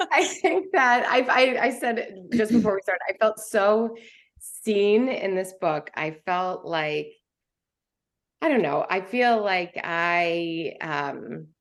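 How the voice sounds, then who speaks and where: A woman co-hosting a podcast, talking through a book in an emotive, animated way. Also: slow. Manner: emotive, animated, swings in pitch when enthused. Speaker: podcast co-host. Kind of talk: casual book discussion.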